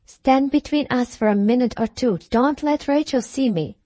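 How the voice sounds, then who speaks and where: A woman voicing a faint, hushed older lady. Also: sits high, normal speed, no room sound. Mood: urgent.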